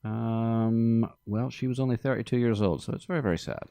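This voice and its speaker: A man hosting a casual movie podcast in a studio, talking in a dry, deadpan joking way. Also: medium pitch, fairly quick, gravelly, clean tone, dry recording. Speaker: podcast host.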